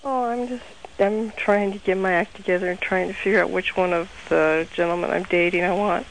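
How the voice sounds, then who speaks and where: A woman in her twenties calling in to a radio show, talking in a flat, hesitant, soft-spoken way. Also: lowish voice, fairly quick, slight background noise, poor audio. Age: 20s. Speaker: caller. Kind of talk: call-in radio chat.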